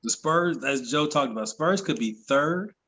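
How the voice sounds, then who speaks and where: A man's voice: a little high, animated, unhurried, bright, forceful tone, a little hiss or hum. A man with an average voice talks through his predictions in a casual sports chat, carefully hedging each pick. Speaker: podcast co-host.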